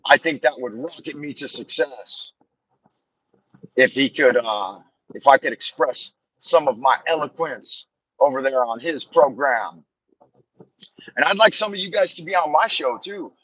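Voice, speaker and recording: A man's voice: medium pitch, a little slow, fairly bright tone, breathy edge, poor audio. A man rambling and telling stories on a live stream from his car while driving, with a meandering, self-deprecating, joking manner. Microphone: phone on a camera mount.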